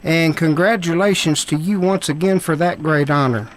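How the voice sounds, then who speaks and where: A man's voice: a little high, normal speed, a little hiss or hum, rough recording. A man hosting a country radio show and interviewing a guest in a cheerful announcer manner. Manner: cheerful announcer delivery, addressing listeners as folks.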